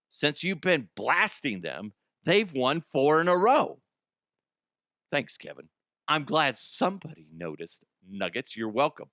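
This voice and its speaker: A man's voice: mid-range voice, bright, forceful tone, no echo, studio quality. A man hosting a casual sports talk show, joking and self-mocking while reading a sponsor ad. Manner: joking, self-mocking, jumps into silly voices. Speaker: sports radio host.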